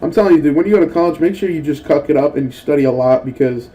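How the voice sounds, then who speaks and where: A man's voice: a little high, quick pace, low-quality recording. A young man in casual gameplay commentary, rambling and swearing as he tells stories between moves. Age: young adult. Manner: rambling and profane, with excitable acted-out quotes. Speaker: gaming channel host.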